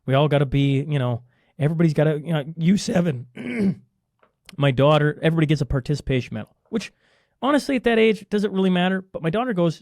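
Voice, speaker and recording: Emphatic man, higher-pitched voice. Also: fast talker, darkish tone, dry recording, clean studio sound. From Canada. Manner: emphatic, ranting, answers his own rhetorical questions. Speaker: podcast guest. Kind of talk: casual conversational interview.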